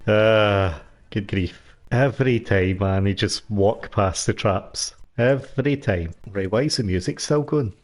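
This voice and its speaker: A man commentates casually on his gameplay, with a lowish voice. He makes wry, joking asides as he plays. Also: slow pace. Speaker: gameplay streamer.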